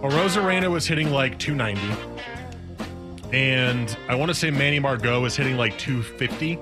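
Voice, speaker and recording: A man with a mid-range voice banters on sports radio, talkative and quick to joke. A music bed plays under the studio talk. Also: mid-range voice. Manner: joking, talkative.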